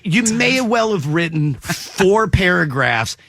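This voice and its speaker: A man's voice: sits high, sing-song, slow, creaky, a bit bright. A male morning radio host interviewing a guest in the studio, joking and teasing him. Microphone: studio microphone.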